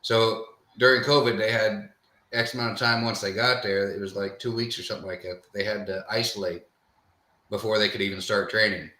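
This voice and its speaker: A man's voice: lowish voice, steady tone, fairly quick, sharp tone. A man co-hosting a casual podcast, telling stories in an easygoing, meandering way. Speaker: podcast co-host. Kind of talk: casual storytelling chat. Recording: roomy echo.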